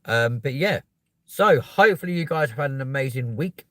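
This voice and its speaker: A young man with a London accent hosting a live stream, chatting casually and cheekily with viewers and bursting into loud pleas to subscribe. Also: medium pitch, animated, normal speed, no room sound. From England. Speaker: livestream host. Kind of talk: casual live chat reading comments.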